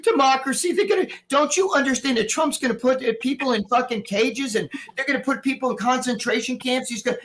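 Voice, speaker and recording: Talking fast with hardly any pauses, this middle-aged guest on a live stream goes on a heated, profanity-heavy ramble. He's recovering from surgery, and his very high voice comes across a bit bright in this casual chat.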